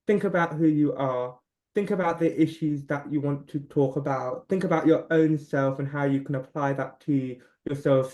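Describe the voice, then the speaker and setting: A man of about twenty, a podcast guest, talking casually in a chatty, self-deprecating way with quick restarts. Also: medium pitch, a little mellow. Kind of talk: casual chat.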